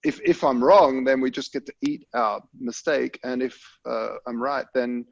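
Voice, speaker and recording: A man's voice: medium pitch, steady tone, normal speed, creaky, dry recording. A man co-hosting a podcast, rambling with many restarts and the odd playful, preachy aside. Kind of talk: casual video-call chat. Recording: dull lo-fi mic.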